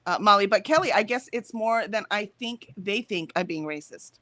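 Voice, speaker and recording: A woman's voice: medium pitch, lively intonation, moderate pace, fairly bright tone, no room sound. An American woman co-hosting a livestream in casual chat, reading out viewer comments and laughing often. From United States. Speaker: livestream co-host.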